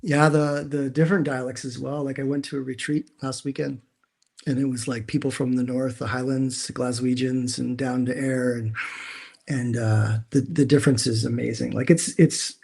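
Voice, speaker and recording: A man chatting over a video call from his dim room at home, mid-pitched and easygoing. He rambles through his stories and trips over his own words, restarting phrases again and again. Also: little pitch movement, moderate pace, creaky, a little mellow, husky. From Canada. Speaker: co-host. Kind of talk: casual chat.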